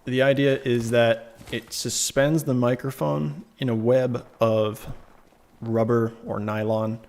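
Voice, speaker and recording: A man's voice: medium pitch, flat delivery, slow, a little mellow. Rambling man chatting on a game stream. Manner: rambling, self-correcting, chatty asides. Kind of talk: casual live-stream chat. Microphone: desk microphone on a shock mount.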